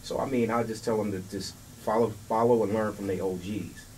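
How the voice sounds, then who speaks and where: A low-pitched man talks in a relaxed, easygoing way as an interview guest, often restarting his sentences. He sits a little back from the microphone, and faint background noise runs under his voice. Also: fairly quick, distant mic, poor audio. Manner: laid-back, repeats words, street slang. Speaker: record label guest. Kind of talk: casual interview chat.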